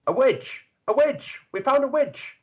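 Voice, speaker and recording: A man voicing a shrill male peasant in a witch-hunting mob, shouting accusations at a knight. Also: wildly swooping pitch, a little slow, highs cut off, full character voice. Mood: shrill accusing.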